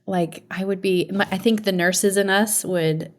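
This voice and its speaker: A woman hosting a faith-based podcast, talking in a casual, animated and enthusiastic way with a friend. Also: medium pitch, unhurried, slight background noise. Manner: animated, enthusiastic, laughs often. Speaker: podcast host. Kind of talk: casual conversational interview.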